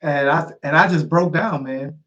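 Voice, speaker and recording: A man's voice: fairly high pitch, moderate pace, fairly bright tone, muffled recording. A middle-aged man speaking as an interview guest, sharing a personal story earnestly and repeating key phrases for weight.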